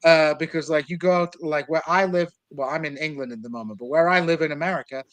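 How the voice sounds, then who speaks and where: A man's voice: a little high, fast talker, a bit bright, no echo, rough recording. A man of Kurdish background talking politics on a podcast in a discursive, argumentative way, with many fillers.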